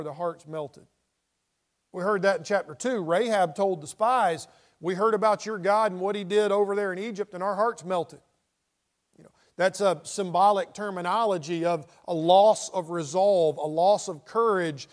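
A man's voice: sits high, normal speed. A middle-aged man teaching a Bible study in a conversational way, reading scripture aloud with dramatic inflection.

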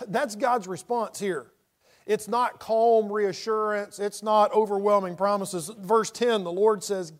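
High-voiced man teaching a Bible study. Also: fairly even intonation, measured pace. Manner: reads scripture aloud with dramatic inflection, conversational asides.

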